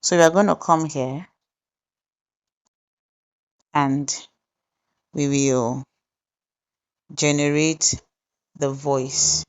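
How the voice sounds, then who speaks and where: A woman hosting a software tutorial, explaining each step deliberately and pausing with fillers as she goes. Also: sits low, steady tone, clear, resonant tone, dull audio. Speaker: tutorial host. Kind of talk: screen-recorded software tutorial narration.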